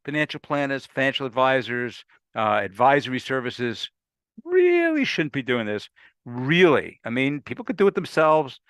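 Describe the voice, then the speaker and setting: An American male lawyer hosting a legal briefing explains a new law conversationally and emphatically, repeating himself and adding folksy asides. His voice is medium-pitched and fairly bright, recorded at studio quality with no room sound.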